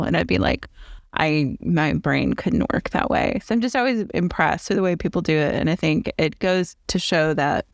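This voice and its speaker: A woman's voice: fairly low pitch, a little fast, gravelly, no room sound, studio quality. A woman from the American South with a Southern accent, hosting a podcast interview and chatting casually. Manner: chatty, thinks aloud with restarts. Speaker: podcast host.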